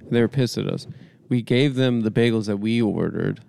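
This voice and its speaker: A man co-hosting a podcast, telling rambling dream stories in a deadpan, casual way. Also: fairly low pitch, moderate pace, vocal fry. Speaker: podcast co-host. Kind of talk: casual comedic chat. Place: small dry studio room.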